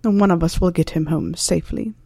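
Stern, dry-voiced man, read by a woman, lowered and clipped. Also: vocal fry, warm tone, breathy edge, no room sound. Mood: cold. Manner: dry, measured, cutting. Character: cold, dry-voiced male wizard, stern and sardonic.

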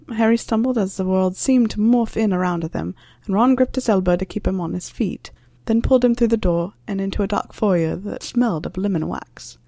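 A woman reading a fan fiction story aloud as narrator, in an even storytelling manner. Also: medium pitch, no room sound, studio quality. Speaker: reader.

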